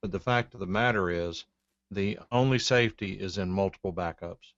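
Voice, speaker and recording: A man with a low voice answers listener questions on a tech show in a blunt, matter-of-fact way. His sound is dry and dull, like a lo-fi broadcast. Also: moderate pace, fairly bright tone, no echo. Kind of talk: casual tech talk.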